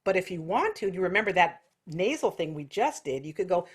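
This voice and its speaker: An American woman teaching an online singing lesson, explaining technique and breaking into loud nasal vocal exercises. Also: lowish voice, sing-song, a little fast, few pauses, breathy edge. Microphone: video call.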